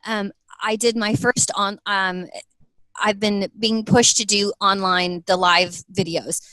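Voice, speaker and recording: A woman's voice: medium pitch, fairly even intonation, slow, pushed and bright, no room sound, rough recording. A woman in her thirties talks earnestly about her business in an interview. She tells stories animatedly and slips into quoted voices. The sound is close and dry. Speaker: guest, apparel business owner. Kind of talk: interview conversation.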